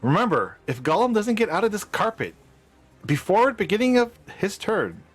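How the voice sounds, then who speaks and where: Lively game master man. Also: high-pitched, normal speed, slightly rough, soft background music. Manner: playful, animated storytelling. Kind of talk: narrating a tabletop game.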